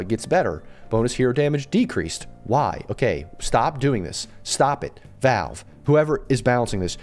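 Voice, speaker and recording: A man's voice: mid-range voice, a little mellow. Young man, strained voice, exasperated rant, gaming commentary, faint background music. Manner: exasperated, ranting, repeats himself. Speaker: game commentator. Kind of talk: ranting gameplay commentary.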